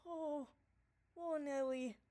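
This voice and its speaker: A woman vlogger rants in a loose, rambling monologue, full of profanity and self-interruptions. Her voice sits a little high, and she drifts between low muttered asides and loud, excited outbursts. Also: slow. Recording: distorted audio.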